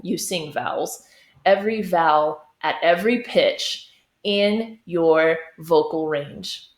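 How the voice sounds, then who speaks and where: Woman choir teacher in an echoey room. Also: mid-range voice. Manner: demonstrates sung phrases, checks in with "okay?". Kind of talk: singing lesson.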